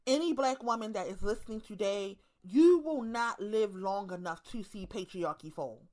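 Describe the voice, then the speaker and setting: A woman's voice: mid-range voice, lively intonation, moderate pace, darkish tone. A woman in her thirties with a Baltimore accent, talking bluntly and profanely to her viewers in a casual monologue, hammering her points with repetition. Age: 30s. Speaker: online commentator.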